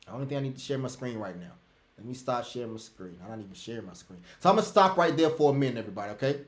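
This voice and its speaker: A man's voice: mid-range voice, animated, very fast, reverberant. A man teaching an online trading class on a live webinar, emphatic and repetitive, calling out to everybody. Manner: emphatic, rants loudly then drops to soft asides. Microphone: computer mic on a video call.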